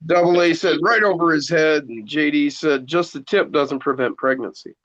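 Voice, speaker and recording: A man's voice: a little high, moderate pace, highs cut off. A man chatting casually and joking around on a remote line. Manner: joking, lively. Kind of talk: casual chat.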